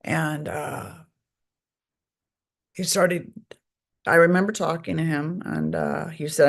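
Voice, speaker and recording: Middle-aged woman, gravelly fry in the voice, blunt, candid, swears freely, conversational storytelling. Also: deep voice, steady tone, slow, long pauses. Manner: blunt and profane, speaks openly. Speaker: guest author and recovery advocate.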